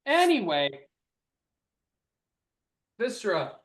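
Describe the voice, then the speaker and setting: A man's voice: sits high, wildly swooping pitch. A man running a tabletop game as dungeon master, casual and playful in his narration. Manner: casual, playful, fast asides.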